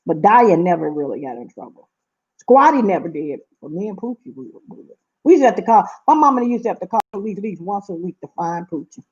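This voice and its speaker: A woman's voice: medium pitch, a little mellow, dull audio. A middle-aged woman from Seattle telling stories to camera in a casual vlog, talking emphatically and repeating herself. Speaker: vlogger.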